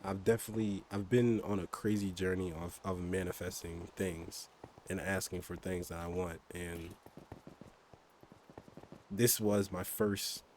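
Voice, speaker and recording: A man's voice: sits low, a little mellow, slight background noise. A young man streaming a game and chatting casually about his motorbike and car, rambling with lots of fillers and mild swearing. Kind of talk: casual chat while gaming.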